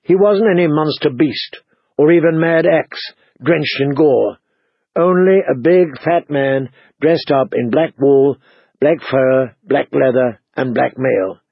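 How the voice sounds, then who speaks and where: A man narrating a fantasy audiobook in a measured, dramatic storytelling manner. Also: on the high side, creaky, breathy edge, dry recording. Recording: dull lo-fi recording.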